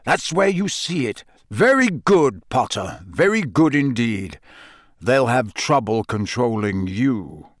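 A man voicing a gruff, paranoid old male wizard teacher who growls out slow, loud commands. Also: mid-range voice, big pitch swings, dry recording, studio quality. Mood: gruff praise.

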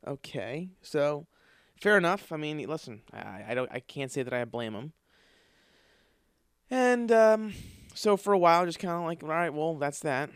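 A man's voice: a little high, animated, normal speed, smooth, dry recording. Profane man telling stories in a dry room. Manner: profane, storytelling, acts out quoted voices. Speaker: podcast host. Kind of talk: casual comedic monologue.

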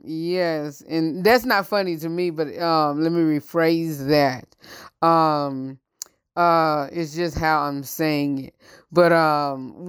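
A man hosting his own show, chatting through celebrity news slowly and haltingly, with frequent ums and uhs. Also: fairly high pitch, clean tone, no room sound, clean studio sound. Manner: halting, many ums, slow and careful. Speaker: show host. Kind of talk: casual celebrity news chat.

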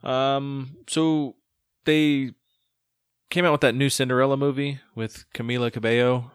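A man's voice: mid-range voice, flat delivery, measured pace, clear, resonant tone, dry recording. Dry-voiced man chatting, stammering restarts. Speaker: podcast co-host. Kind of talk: casual chat.

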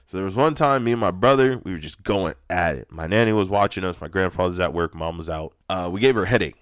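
Male podcast host with a lowish voice, recorded dry, ranting through personal stories with lots of swearing and rising excitement. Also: fast talker, smooth, no echo. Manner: profane, animated, loud when excited. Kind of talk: ranty personal storytelling monologue.

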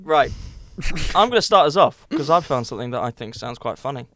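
A man's voice: medium pitch, animated, brisk, a bit bright, no echo, clean studio sound. A young man in his twenties co-hosting a podcast, bantering, swearing and laughing with friends. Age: 20s. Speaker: podcast co-host. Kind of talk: casual chat.

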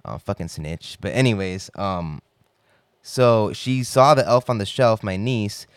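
A man's voice: on the low side, unhurried, clear, resonant tone, no room sound, clean studio sound. A young man rambling in a casual, profane monologue full of filler words.

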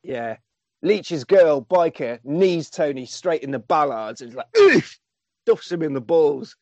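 A man's voice: a little high, a little slow, no room sound. A man casually recounting a film's plot, acting out lines and swearing freely. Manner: animated storyteller, acting out quotes, swears freely. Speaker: podcast co-host recapping a film. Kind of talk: casual chat.

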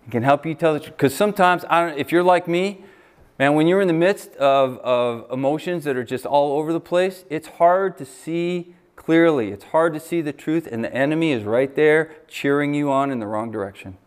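A man's voice: a little high, normal speed, clean tone. An American man preaching a sermon as pastor, reading scripture and adding emphatic asides.

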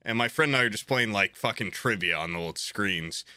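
A man in his late twenties telling a story in casual chat, animated, swearing freely and acting out what people said. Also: fairly low pitch, brisk, no room sound, studio quality.

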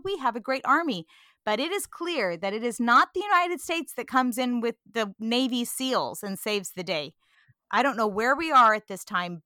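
A woman from California talking earnestly about scripture in a casual discussion, animated and quick to laugh. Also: a little high, no room sound, studio quality.

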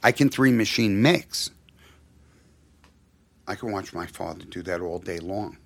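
A middle-aged man, a music producer, telling an animated story and acting out the quotes, with many restarts. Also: sits low, a little slow. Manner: acts out quotes, restarts often.

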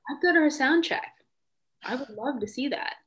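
With a high-sitting, expressive, slightly bright voice at normal speed, this young woman hosts a casual podcast chat. She sounds enthusiastic and fills her speech with "um" and "like."

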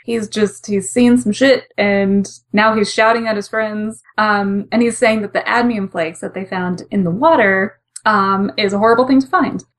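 A woman in relaxed conversation on a comics podcast, talking at a middle pitch. She retells scenes with quick asides and laughs easily, keeping the tone light and chatty. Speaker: podcast co-host discussing comics. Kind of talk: casual chat.

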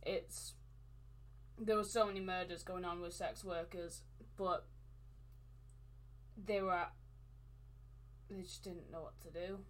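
A woman's voice: fairly low pitch, fairly even intonation, slow, pauses often. A woman co-hosting a podcast, talking in loose, conversational chat. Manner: conversational, talks with loose fillers and restarts. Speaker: podcast co-host. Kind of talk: casual chat.

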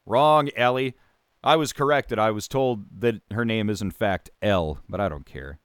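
A man's voice: lowish voice, moderate pace, clean tone, no echo, studio quality. A man hosting a talk radio show, delivering a sarcastic, opinionated monologue with mocking put-on voices.

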